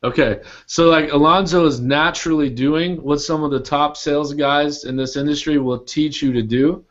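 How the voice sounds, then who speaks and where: A man's voice: a little high, steady tone, moderate pace. Rambling male host on muffled audio. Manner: casual, rambling questions with many "like" fillers. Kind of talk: casual group call. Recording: dull lo-fi audio.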